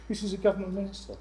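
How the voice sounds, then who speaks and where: A man presenting to a room of landlords, lively and jokey with exasperated asides. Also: high voice, a little hiss or hum, poor audio. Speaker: letting agent speaking at a landlord event. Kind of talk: live seminar presentation.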